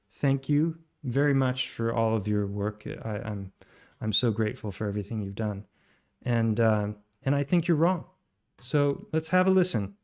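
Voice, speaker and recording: A man hosting a livestream, commenting between played voice messages and talking in a halting way with many fillers. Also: on the high side, clean tone. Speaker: livestream host.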